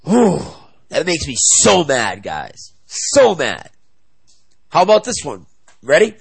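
A man's voice: fairly high pitch, wildly swooping pitch, takes it slowly, creaky, long pauses, husky, low-quality recording. A young man ranting angrily to his viewers in a fired-up video blog. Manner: angry, fired-up political rant. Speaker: video blogger. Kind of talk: ranting to camera.

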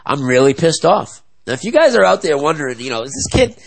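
Very animated and fast, a young man's slightly high voice with vocal fry drives an angry political rant at his viewers in a fired-up video blog. He's talking to camera, and the audio quality is poor.

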